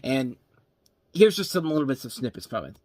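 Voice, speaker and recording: A man hosts a casual movie review, talking at a middle pitch in a loose, rambling way. He stumbles over names and restarts his sentences. The sound is close and dry with no room around it. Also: very animated, a little fast, a little mellow, dry recording.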